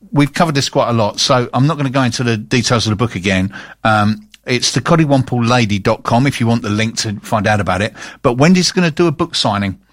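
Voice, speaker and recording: A man's voice: medium pitch, a bit bright, no echo, clean studio sound. A man co-hosting a radio show, chatting casually and reading out local event listings, often stumbling on restarts. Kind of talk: casual radio chat and announcements.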